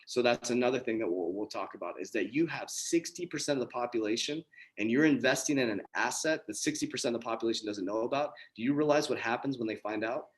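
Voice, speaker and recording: A man's voice: mid-range voice, fast talker. A man in his forties hosting a group video call, giving an earnest, emphatic motivational talk and repeating his key points. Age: 40s. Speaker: coach and community host.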